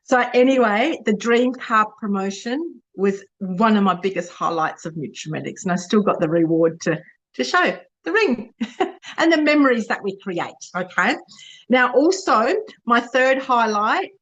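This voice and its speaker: A woman's voice: on the high side, expressive, measured pace, fairly bright tone, lo-fi sound. A middle-aged Australian woman giving an informal motivational talk as a sales director. She is chatty and emotional, laughs often, and repeats and corrects herself as she speaks.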